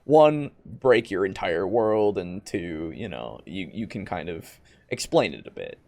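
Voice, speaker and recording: A man co-hosting a podcast in casual chat, who laughs often, swears freely and drops into quick silly voices. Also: low voice, sing-song, gravelly, a little mellow. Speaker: podcast co-host.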